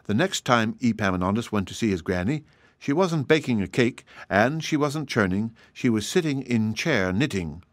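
A man reads a children's story aloud in a measured, gentle way. His voice sits at a middle pitch. The recording is dry and close, with no room sound. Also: animated, no echo. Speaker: narrator reading a children's story.

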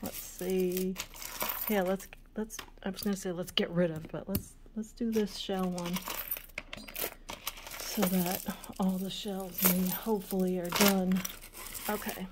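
Lady going through old jewelry real slow, soft chatty voice, little whispers here and there. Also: mid-range voice, steady tone, noisy background. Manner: slow, soft-spoken, musing aloud, often drops to a whisper. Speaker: vintage jewelry channel host. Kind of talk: casual show-and-tell of jewelry.

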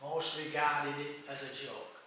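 A man's voice: fairly high pitch, steady tone, a little slow, bright, forceful tone, a little hiss or hum. A man giving a read-aloud history lecture, reading steadily from notes with small stumbles. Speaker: speaker giving a history talk. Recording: echoey room from a distance.

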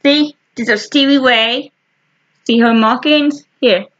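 A woman casually showing her book collection to the camera, talking in short halting fragments with frequent restarts. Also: a little high, fairly bright tone, muffled recording. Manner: slow and rambling. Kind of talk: casual chat.

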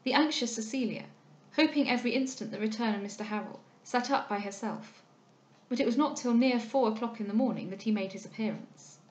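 A woman reading a classic novel aloud, in a measured, steady narration. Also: fairly high pitch. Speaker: audiobook reader. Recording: roomy echo.

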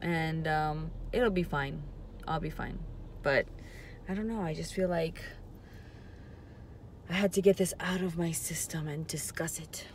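A woman with a lowish voice talks to her camera from a parked car, faint traffic noise outside. She sounds emotional and close to tears, and her sentences wander and trail off. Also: measured pace, long pauses. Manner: hesitant and rambling, many trailing-off phrases. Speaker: vlogger. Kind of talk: casual confessional vlog. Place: parked car in a parking lot.

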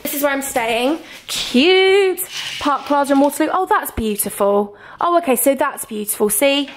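A young woman telling a story in an animated, chatty vlog, acting out each side of the conversation from her hotel room. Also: high voice, brisk, reverberant, slight background noise. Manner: animated, acts out both sides of conversations. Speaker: vlogger.

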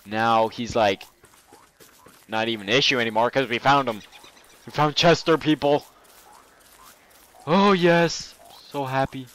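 A young man giving goofy, excitable let's play commentary while playing a game. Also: medium pitch, a little slow, pauses often. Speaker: gameplay commentator.

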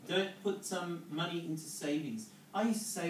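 A man's voice: fairly high pitch, normal speed, hardly any pauses, a little hiss or hum. A man giving a motivational business talk to an audience, coaching and checking in with short questions. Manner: coaching, checks in with "okay?" and "yeah?". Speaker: network marketing speaker. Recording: echoey room, voice from far off.

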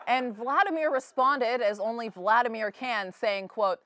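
A woman's voice: fairly high pitch, unhurried, few pauses, a bit bright. A young woman anchoring a comedic student newscast with a playful, sarcastic delivery. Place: studio.

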